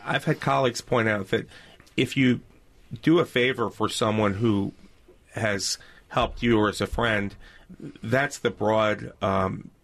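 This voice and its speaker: A former senator speaks as a guest on a radio panel. His voice is low and gravelly, and he pauses and restarts often as he talks. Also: steady tone, fairly bright tone. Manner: hesitant, many fillers and restarts.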